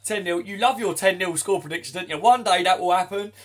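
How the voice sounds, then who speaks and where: A chatty young man hosts a casual football live stream, reading out viewer comments and laughing along. His voice sits a touch high for a man. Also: fast.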